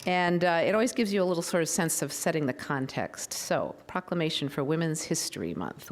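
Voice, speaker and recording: A woman's voice: sits low, lively intonation, brisk, few pauses. A woman, a local official, hosts a public event as master of ceremonies, chatting informally with asides and fillers before reading a proclamation. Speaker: county board member, master of ceremonies. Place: public event room with an audience.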